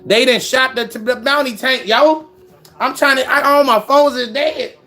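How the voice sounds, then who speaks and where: A man streaming, reacting with loud, repetitive exclamations in street slang. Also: extremely high pitch, measured pace, faint music behind. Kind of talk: emotional live reaction rant.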